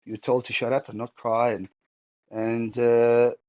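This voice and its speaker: A middle-aged man speaking candidly as an interview guest, halting and emotional, close to tears and restarting his sentences often. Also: medium pitch, flat delivery, dry recording, muffled recording.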